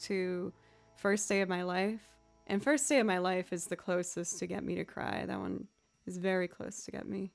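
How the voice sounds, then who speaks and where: A young female musician chats casually with her livestream viewers, upbeat and quick to laugh. Her mid-range voice is a little scratchy, with some vocal fry.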